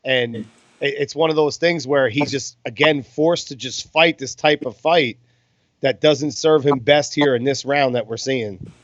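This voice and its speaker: A man's voice: medium pitch, unhurried, dry recording. Chill guy calling old fights over beers, dull lo-fi sound, swears a lot. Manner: laid-back, swears casually. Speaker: podcast co-host. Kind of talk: casual boxing commentary over beers. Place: home in Las Vegas.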